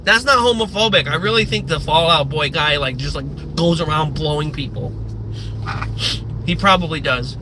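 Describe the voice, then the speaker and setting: A man's voice: a little high, normal speed, background noise. A man from the Midwest US, a live streamer, ranting casually and profanely and wandering off on tangents. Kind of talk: casual livestream rant.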